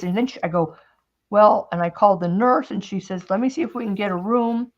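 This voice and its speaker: A woman's voice: mid-range voice, brisk. Rambling chatty woman, slightly muffled. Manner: rambling storyteller, many restarts. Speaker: host. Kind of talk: casual chat while crafting.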